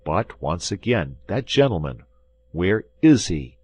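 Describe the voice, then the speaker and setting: A man's voice: low voice, very animated, slow, a little mellow, husky, exaggerated voice. A man voicing an angry young swordsman who speaks in a stern, commanding, threatening way.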